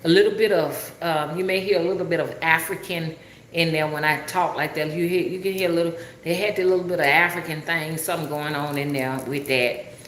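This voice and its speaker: A woman's voice: deep voice, fairly even intonation, brisk, fairly bright tone, reverberant, slight background noise. A woman with a Southern Alabama drawl, talking casually and rambling to a livestream audience, often asking if they understand. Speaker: spiritual rootworker livestreamer.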